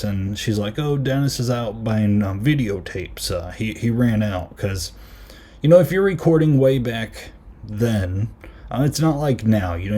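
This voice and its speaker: A man with a lowish, mellow voice talks through a film in a casual podcast review. He rambles loosely, piles on fillers, and retells scenes and lines as he goes. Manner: rambling, many fillers and retold quotes. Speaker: podcast host.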